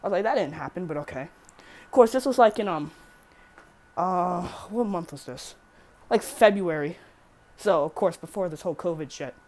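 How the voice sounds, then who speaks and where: A woman's voice: fairly low pitch, lively intonation, moderate pace, pauses often, darkish tone. A teenage girl rambling through a casual storytime vlog, swearing freely and correcting herself as she goes. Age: teen. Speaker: vlogger.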